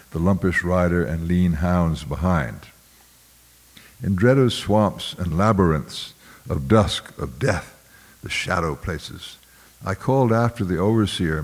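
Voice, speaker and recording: A man narrating a literary novel aloud in a measured, somber manner, now and then clearing his throat. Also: sits low. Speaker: audiobook narrator.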